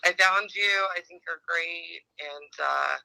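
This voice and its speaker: A woman's voice: lowish voice, slow, gravelly, sharp tone, smooth, no room sound, low-quality recording. A woman from Indiana calling into a live stream, talking in a self-described Valley girl way full of ums and likes. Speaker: caller. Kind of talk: casual phone-in chat. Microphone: phone.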